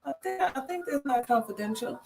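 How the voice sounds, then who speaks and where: A woman's voice: high-pitched, animated, fairly quick, gravelly, a little mellow, soft background music. A woman co-hosting a casual chat, loose and conversational, laughing often. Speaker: co-host.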